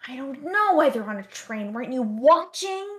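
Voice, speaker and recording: A woman voicing a flustered elderly moviegoer who gives slow, exasperated replies. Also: high-pitched, very animated.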